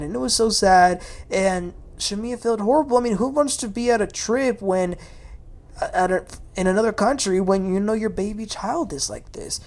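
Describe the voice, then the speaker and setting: A woman's voice: fairly low pitch, darkish tone. A woman hosting a casual, opinionated recap of a reality TV episode. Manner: chatty, opinionated, quotes the cast. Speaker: TV recap host.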